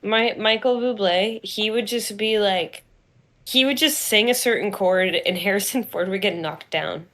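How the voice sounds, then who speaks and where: A young woman co-hosting a podcast in casual chat, playful and quick, laughing easily. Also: medium pitch, a bit bright. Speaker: podcast co-host.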